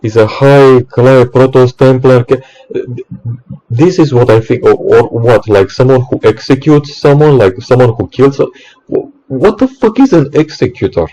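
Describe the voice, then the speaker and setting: A man's voice: mid-range voice, lively intonation, moderate pace, warm tone, rough recording. A man, an electrician, in an exasperated ranting monologue, swearing often and stumbling over restarts.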